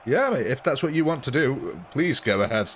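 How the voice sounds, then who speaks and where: A man's voice: medium pitch, lively intonation, normal speed, a little hiss or hum. A man giving chatty, amused live commentary on a strategy game while thanking viewers and answering chat. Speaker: game streamer.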